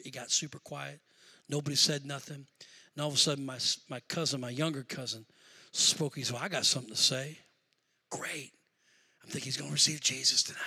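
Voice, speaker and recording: A man's voice: on the high side, sharp tone, slightly rough. A middle-aged male pastor, telling a personal story in a sermon and rising into fervent preaching.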